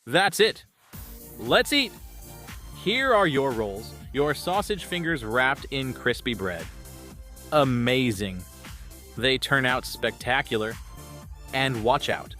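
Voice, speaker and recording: A man's voice: mid-range voice, expressive, slow pace, pushed and bright, soft background music. A man hosting a cooking channel, chatting enthusiastically to viewers as he cooks in a home kitchen. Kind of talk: casual cooking demonstration.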